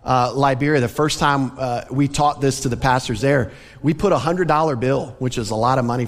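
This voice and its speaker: A man's voice: medium pitch, fairly quick, big-room sound. A man preaching a sermon as pastor, from the American South, speaking earnestly and conversationally with light laughs. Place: church sanctuary.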